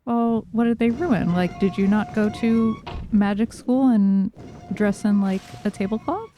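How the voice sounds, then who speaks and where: A woman's voice: mid-range voice, unhurried, warm tone, soft background music. A woman with a New York accent chatting loosely while streaming a game, with lots of fillers. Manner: chatty, loose, filler-heavy, laughs easily. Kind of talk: casual gameplay streaming chat.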